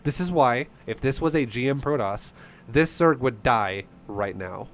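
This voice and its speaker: A man's voice: medium pitch, animated, measured pace, slight background noise. A man coaching a player through a game replay in a casual, blunt, profane and passionate way. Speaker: StarCraft coach.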